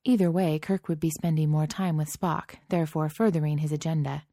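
A woman's voice: deep voice, fairly even intonation, a little fast, dark tone, no room sound, studio quality. A woman reading a story aloud in a wry, conversational narrating voice. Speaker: reader. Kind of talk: reading fan fiction aloud.

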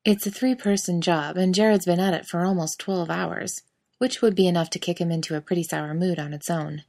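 A woman's voice: on the low side, fairly even intonation, brisk, gravelly, darkish tone. A woman narrating a scripted story in a wry, sardonic manner.

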